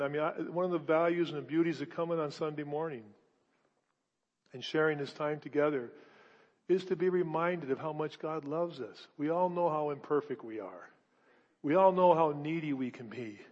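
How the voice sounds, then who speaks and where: A male pastor preaching a sermon in his church, emphatic and repetitive, asking rhetorical questions and swinging between loud declarations and hushed asides. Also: a little high, moderate pace, long reverb tail, muffled recording.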